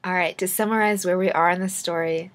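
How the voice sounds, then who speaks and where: A woman's voice: on the low side, fairly even intonation, a little fast, slight background noise, rough recording. A woman vlogger telling a silly made-up story in a playful, rambling way, with many fillers. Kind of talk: casual storytelling.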